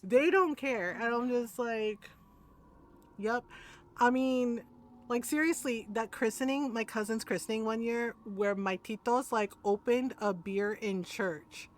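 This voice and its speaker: A woman game streamer telling a rambling family story in a chatty way, laughing and adding quick asides. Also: a little high, slight background noise. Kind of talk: casual storytelling.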